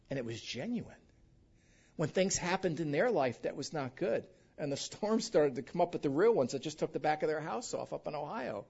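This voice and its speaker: A pastor preaching a sermon in a church, animated and quizzing the congregation with call-and-response questions. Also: male voice, fairly high pitch, slightly rough. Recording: dull lo-fi recording.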